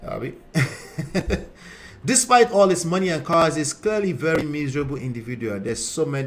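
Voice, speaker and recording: A man's voice: fairly high pitch, moderate pace, slight background noise. A man with a Nigerian accent, a relationship coach hosting a casual live stream, reading viewer comments and addressing his audience bluntly. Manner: blunt, conversational, calls out viewers and 'gentlemen' directly.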